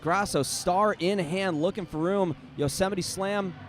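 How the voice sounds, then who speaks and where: A man's voice: high voice, a little slow, slight background noise. An American man commentating a roller derby game live, giving play-by-play with jokey, punny asides. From United States.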